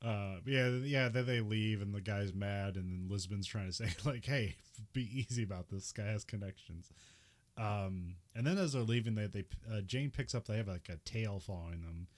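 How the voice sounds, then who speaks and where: A man's voice: on the low side, moderate pace, few pauses. A man co-hosting a podcast, chatting casually about an episode and laughing often as he talks. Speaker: podcast co-host. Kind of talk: casual chat recapping a TV episode.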